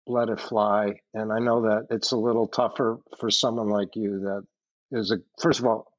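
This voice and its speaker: A man's voice: fairly low pitch, highs cut off. A middle-aged man guesting on a podcast, talking bluntly with swearing and laughter. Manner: blunt and profane, self-deprecating, laughs while talking. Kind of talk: casual podcast chat.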